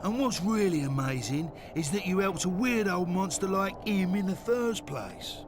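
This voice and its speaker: A man's voice: sits high, expressive, moderate pace, noisy background, voice pushed up. A man voicing a blunt, cheeky bandit sidekick in a game playthrough. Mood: mocking. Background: game music.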